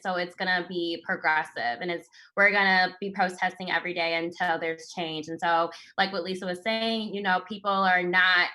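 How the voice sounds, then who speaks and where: A woman's voice: on the low side, sharp tone, poor audio. A woman panelist in casual chat, chatty with lots of fillers and laughter.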